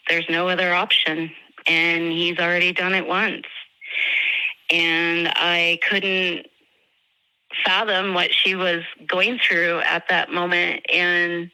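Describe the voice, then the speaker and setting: An earnest woman recounts, in an emotional and halting way, a conversation with a friend, with plenty of fillers and restarts. Her voice is very bright and clear, and it sits close and dry on the mic with no room sound. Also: fairly low pitch, no room sound, poor audio. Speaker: friend of the victim.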